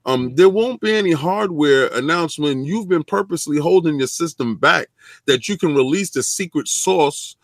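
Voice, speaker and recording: A playful man hosting a gaming stream, teasing his co-host and shouting out chat messages. His voice sits a touch high. It is close and dry. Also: lively intonation, normal speed, no echo. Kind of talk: casual livestream chat.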